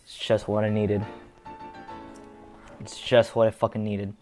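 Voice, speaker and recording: A man's voice: lowish voice, monotone, a little slow, a little mellow, faint music behind. A young man casually commenting on gameplay, swearing and muttering at the game. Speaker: gamer, video host.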